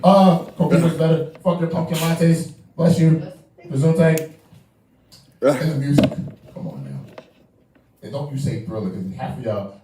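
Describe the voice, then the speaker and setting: Rowdy tipsy New comedian, yelling. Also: male voice, on the high side, expressive, moderate pace, a little hiss or hum. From New York. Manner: loud, profane, slurring, yelling. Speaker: comedian debater. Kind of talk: drunk stand-up debate. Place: comedy club stage. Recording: echoey room, far from mic.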